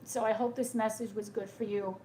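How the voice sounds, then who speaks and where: In a slightly high, soft, steady voice, a tarot reader offers a gentle live reading to viewers, consoling them and frequently pausing to ask "okay?" She sounds tearful and emotional, and faint background noise sits behind her.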